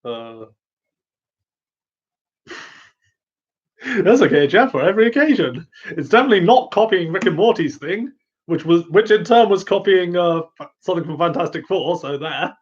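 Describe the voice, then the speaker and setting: A giggly man rambling through a casual chat show, his thoughts trailing through ums and uhs. His voice sits somewhat high for a man. The sound is muffled and lo-fi. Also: animated, fairly quick. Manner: rambling, giggly, full of fillers. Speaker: host answering viewer questions. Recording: muffled lo-fi audio.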